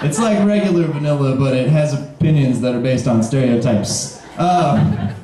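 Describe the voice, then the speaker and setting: A man in his twenties from Kentucky doing a live stand-up set with dry, deadpan one-liners and sarcastic pauses. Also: mid-range voice, crowd noise. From Kentucky, USA. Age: 20s. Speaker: stand-up comedian. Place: bar pavilion on stage. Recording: very echoey live room.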